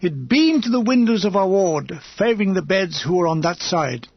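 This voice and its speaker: A man's voice: sits high, animated, moderate pace, gravelly, muffled recording, a little hiss or hum. A man reading a comic war memoir aloud as an audiobook narrator, with a wry, dryly comic delivery.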